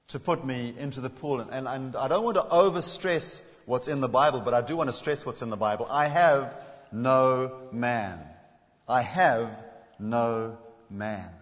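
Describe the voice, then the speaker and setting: A man preaching a sermon as a visiting speaker, shifting between emphatic points and hushed, slowed quotations. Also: on the high side. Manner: dramatic, drops to a hush when quoting. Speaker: guest preacher. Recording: dull sound with long hall reverb.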